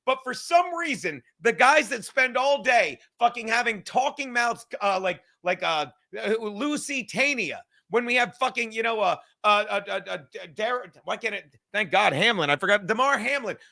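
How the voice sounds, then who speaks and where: This podcast host's high voice is bright and forceful, with lively intonation and vocal fry. He reacts to clips in an animated rant that's sarcastic, profane, and quick to escalate.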